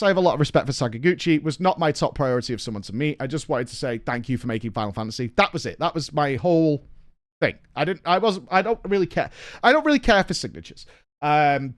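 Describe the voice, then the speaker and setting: A man, a streamer telling a story in a casual, animated way, swearing and acting out what people said. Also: sits high. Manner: animated, swearing, acts out quotes.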